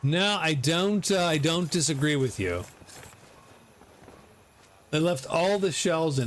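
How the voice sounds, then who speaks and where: Middle-aged guy streaming a game, swears and laughs a lot, slow talker, kinda high voice. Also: a little hiss or hum. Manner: excitable, swears, laughs often. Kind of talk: live gameplay commentary.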